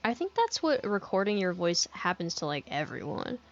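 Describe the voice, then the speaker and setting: A woman with an American accent chatting casually as a podcast co-host, animated and full of asides. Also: lowish voice, normal speed, lo-fi sound. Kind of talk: casual chat.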